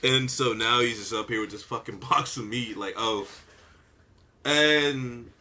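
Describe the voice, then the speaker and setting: A man's voice: mid-range voice, a little slow, bright, forceful tone. A man hosting a casual podcast, telling a rambling story and laughing often. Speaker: podcast co-host. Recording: noisy home podcast recording.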